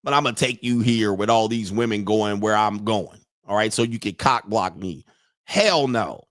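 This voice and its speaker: A man's voice: fairly low pitch, normal speed, a bit bright, no echo, clean studio sound. A man hosting a livestream, giving a profane, mocking rant and often laughing at his own points. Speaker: host of a dating and lifestyle livestream.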